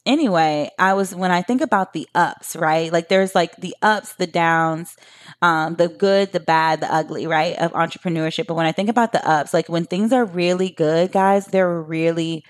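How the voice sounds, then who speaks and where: A woman's voice: fairly low pitch, normal speed. A woman in her thirties hosting a solo podcast, talking to her listeners in a chatty, emphatic way. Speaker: podcast host.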